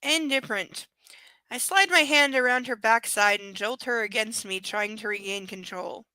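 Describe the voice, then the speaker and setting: A woman's voice: a little high, normal speed, bright, forceful tone, dry recording, rough recording. Sarcastic woman reading a book aloud. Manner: sarcastic, swears freely. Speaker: book reader.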